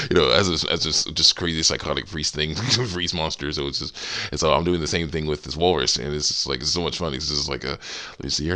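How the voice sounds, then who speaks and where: Very deep, gravelly man chatting casually. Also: fast, pushed and bright. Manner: rambling, giggly, self-interrupting. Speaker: game modder. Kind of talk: casual commentary while editing a game.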